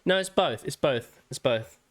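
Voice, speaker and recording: A man's voice: medium pitch, expressive, measured pace. An Australian man streaming casually, laid-back and giggly, swearing often. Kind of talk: casual livestream chat.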